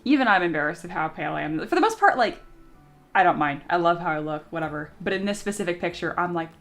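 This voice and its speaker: A young woman streams from her desk mic, chatting loosely with her viewers. She laughs easily, pokes fun at herself and swears without a second thought. Soft music plays faintly underneath. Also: on the low side, animated, quick pace. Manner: giggly, self-mocking, swears freely. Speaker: streamer and 3D sculptor. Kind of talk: casual live-stream chat.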